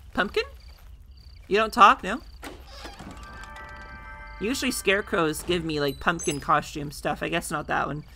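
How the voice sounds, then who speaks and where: A chatty woman streamer playing a game with excitable commentary. Her voice is bright and lively, and she talks straight to the characters. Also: medium pitch, low-quality recording. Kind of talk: casual playthrough commentary.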